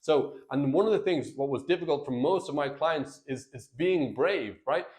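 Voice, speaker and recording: A man's voice: on the high side, expressive, moderate pace, a little mellow. Man coaching husbands in plain speech. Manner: earnest, plain-spoken, addresses viewers as guys and brother. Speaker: marriage coach. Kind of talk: direct-to-camera coaching talk.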